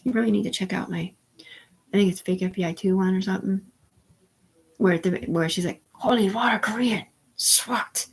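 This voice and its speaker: A woman's voice: fairly low pitch, steady tone, brisk, vocal fry, long pauses, darkish tone, slightly rough. A woman hosting a live stream, talking in a rambling, profane monologue that jumps from topic to topic. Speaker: livestream host.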